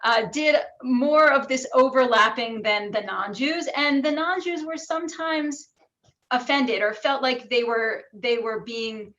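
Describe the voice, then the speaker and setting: An American woman with some New York vowels giving an academic lecture with slides, explaining clearly and demonstrating pronunciations aloud. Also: high voice, measured pace, bright, forceful tone. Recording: dull lo-fi recording.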